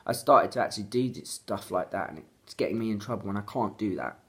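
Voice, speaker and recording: Ranting angrily in a vlog, this London woman with a London accent swears heavily and repeats her complaints. Her very deep voice is a bit bright, fast, and lively in intonation.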